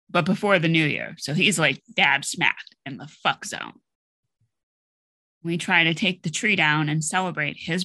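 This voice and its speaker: A woman's voice: on the low side, sharp tone, no echo. A middle-aged woman hosting her own podcast, telling a personal story in a blunt, candid way and swearing freely. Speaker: podcast host. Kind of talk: personal monologue.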